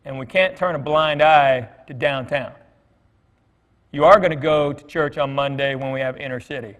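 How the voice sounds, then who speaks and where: In a church hall with long reverb, a middle-aged man visiting as guest speaker delivers a conversational sermon full of anecdotes. His medium-pitched voice is steady and fairly bright, moving at normal speed. He tells folksy stories and acts out quoted dialogue.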